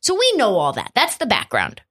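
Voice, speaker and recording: A woman hosting a podcast, chatty and animated, with frequent "like" and casual swearing. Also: mid-range voice, fairly quick, breathy edge. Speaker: podcast host. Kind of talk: casual commentary.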